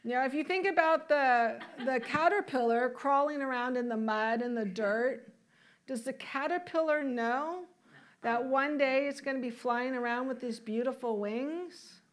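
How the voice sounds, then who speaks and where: Lady minister preaching to her church, kinda high voice, lots of questions, chatty and friendly. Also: measured pace. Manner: warm conversational preaching with questions and laughs. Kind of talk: sermon. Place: church sanctuary.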